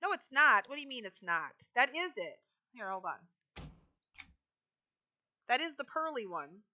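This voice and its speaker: A woman's voice: fairly high pitch, big pitch swings, a little slow, sharp tone, slight background noise. A woman live streaming a video game, chatting casually with her viewers while she decorates.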